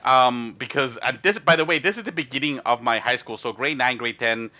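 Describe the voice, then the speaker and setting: Young man storyteller, bright tense voice, rambling and animated, dull stream mic. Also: medium pitch, brisk. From Canada. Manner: rambling, animated, heavy fillers. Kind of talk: casual storytelling.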